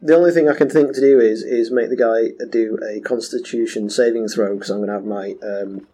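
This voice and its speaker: A wry man jokes as a player in a tabletop game. His voice is dark and mellow. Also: mid-range voice, steady tone, brisk, husky. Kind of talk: casual tabletop play.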